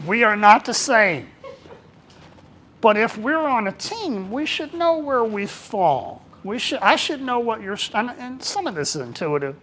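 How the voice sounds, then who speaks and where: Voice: mid-range voice, big pitch swings, unhurried, fairly bright tone, a little hiss or hum. A workplace trainer giving a casual, talkative presentation to a small group. The delivery is colloquial, and the trainer acts out bits of dialogue.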